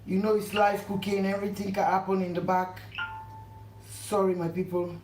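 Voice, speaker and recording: A woman hosts a live cooking stream from her kitchen at home, her mid-range voice darkish and flat at normal speed. She speaks effusively, circles back over the same points, and keeps reminding viewers to subscribe. Faint household noise fills the echoey room.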